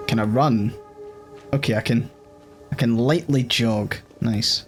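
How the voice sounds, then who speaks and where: A man's voice: mid-range voice, takes it slowly, faint music behind. A Scottish man casually commentating while he plays a video game, chatty and joking as he thinks aloud. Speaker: gaming host. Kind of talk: casual let's-play commentary.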